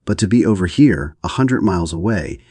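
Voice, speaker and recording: A man's voice: sits low, lively intonation, a little fast, dark tone, husky, no echo. A man voicing a frightened, impatient young man who groans his words. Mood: fretful.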